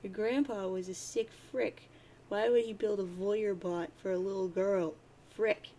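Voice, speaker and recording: A woman voicing a sarcastic, cocky teenage boy who rambles in crude deadpan rants as she reads a webcomic aloud. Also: medium pitch, measured pace, natural voice.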